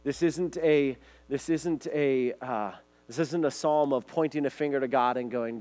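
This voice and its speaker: A man of ordinary pitch preaches as pastor, earnest and steady as he reads scripture aloud. A faint electrical hum sits under the recording. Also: unhurried, hardly any pauses. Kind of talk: sermon.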